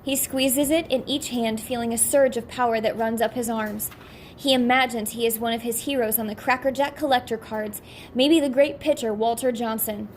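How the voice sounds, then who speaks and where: Woman reading a story aloud, higher voice. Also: steady tone, normal speed, slight background noise. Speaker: audiobook narrator. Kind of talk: audiobook reading.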